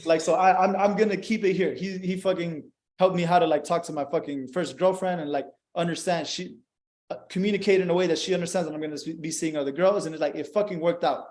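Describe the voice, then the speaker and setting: Blunt, cussing young man, slightly high voice. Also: fast talker. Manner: blunt, heavy swearing, animated. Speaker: podcast host. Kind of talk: casual podcast chat.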